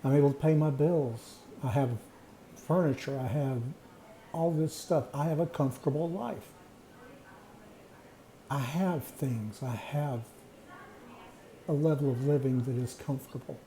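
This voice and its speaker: Middle-aged man, reflective storyteller, dark warm timbre, roomy echo. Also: mid-range voice. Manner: earnest, reflective, plain-spoken with pauses. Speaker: vlogger sharing personal experience. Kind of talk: personal storytelling monologue. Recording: echoey room.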